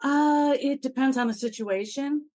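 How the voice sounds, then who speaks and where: A woman's voice: sits high, a little slow, mellow. A woman speaking as a podcast guest, friendly and self-deprecating, who laughs often. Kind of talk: casual interview chat.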